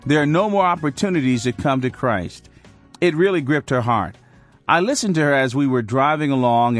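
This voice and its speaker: A middle-aged pastor delivers a brief devotional message, urgent and heartfelt, with repeated words pressing home his point. His pitch rises and falls in a lively way. The sound is dry and close, with faint music underneath. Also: no echo. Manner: earnest, urgent preaching with emphatic repeats. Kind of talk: short devotional sermon.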